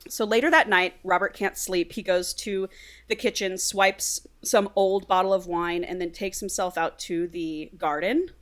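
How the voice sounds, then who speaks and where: A woman with a middle-pitched voice hosting a comedy podcast. She retells and reads a story aloud with animated energy. Her reading often tips into laughter. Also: unhurried.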